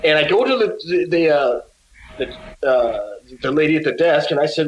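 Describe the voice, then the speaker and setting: A man's voice: on the high side, expressive, brisk, roomy sound, slight background noise, rough recording. A man guesting on an interview, telling stories in a casual way and acting out the other people's lines. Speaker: musician guest.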